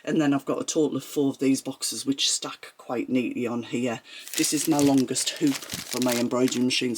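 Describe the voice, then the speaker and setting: Breathless, husky woman vlogging. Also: very deep voice. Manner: chatty, rambling, shows things as she talks. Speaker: sewing vlogger. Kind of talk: casual room-tour chat. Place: home sewing room.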